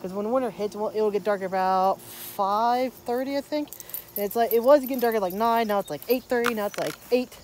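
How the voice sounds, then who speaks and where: A woman's voice: mid-range voice, fairly quick, a little mellow, slight background noise. A young woman vlogging at her rural home, chatting in a rambling way and talking to her pets. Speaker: daily vlogger. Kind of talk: casual vlog chat.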